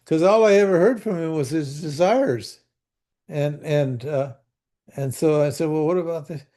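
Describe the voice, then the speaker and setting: Older man teaching slowly, folksy and mellow. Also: fairly high pitch, animated. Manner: folksy, asks the class questions, repeats words. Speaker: spiritual teacher. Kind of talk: conversational scripture teaching. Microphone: video call.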